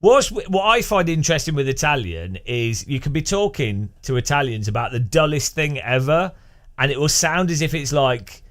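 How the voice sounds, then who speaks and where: A man's voice: fairly high pitch, very animated, moderate pace, a bit bright. A man streaming live, chatting casually with viewers and laughing often. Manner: chatty, laughs often, imitates language rhythms with syllables.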